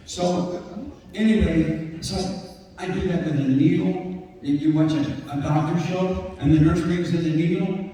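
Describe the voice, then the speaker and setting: An older man spins lively stories for a crowd, slipping into the voices of the people in them. His voice is mellow and a little high for a man. It comes from far off the mic in a big hall with a long echo and faint room noise. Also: unhurried. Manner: animated storyteller acting out quoted voices. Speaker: convention panel guest. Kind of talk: storytelling to a live audience. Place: large convention hall. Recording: echoey hall picked up from far off.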